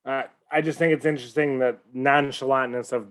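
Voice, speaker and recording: A man's voice: medium pitch, steady tone, a little fast, a bit bright. A man co-hosting a casual watch-along chat, talking loosely with lots of fillers and swearing. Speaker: co-host reacting to a war series.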